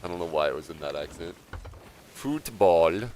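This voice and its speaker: A relaxed man chats through his gaming livestream in a low, deep voice. He rambles easily from one thought to the next and chuckles often. A faint hum of noise sits behind him. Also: rapid-fire. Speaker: game streamer. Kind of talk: casual livestream commentary.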